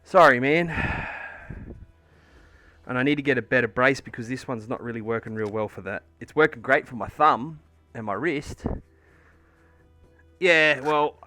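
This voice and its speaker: Bright, sweary Australian bloke. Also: male voice, medium pitch, normal speed, long pauses, no room sound, faint music behind. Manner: rambling, sweary storytelling with lots of fillers. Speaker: livestreamer painting miniatures. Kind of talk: casual chat while painting on stream.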